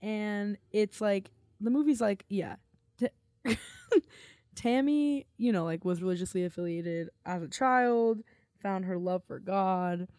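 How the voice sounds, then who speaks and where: A woman's voice: medium pitch, measured pace, a little mellow, dry recording, clean studio sound. A woman co-hosting a podcast, chatting casually with lots of filler words and giggles. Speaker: podcast co-host. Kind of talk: casual chat.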